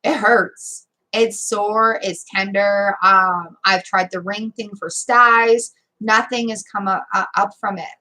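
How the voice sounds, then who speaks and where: A middle-aged woman reading tarot on a live stream, telling a story in a chatty, animated way and talking straight to her viewers. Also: medium pitch, slow, few pauses, rough recording. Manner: animated, talks straight to viewers, repeats phrases for emphasis.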